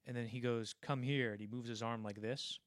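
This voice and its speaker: A man's voice: mid-range voice, a little fast, no echo. Young man rambling on a podcast, dry sound. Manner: rambling, animated retelling with many restarts. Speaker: podcast co-host. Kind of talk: casual film-discussion podcast.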